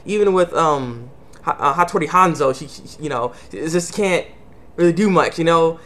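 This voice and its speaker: A man's voice: on the high side, lively intonation, normal speed, fairly bright tone. A man casually recapping an anime episode, rambling with many fillers and restarts. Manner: acts out characters' lines in quotes. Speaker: anime reviewer.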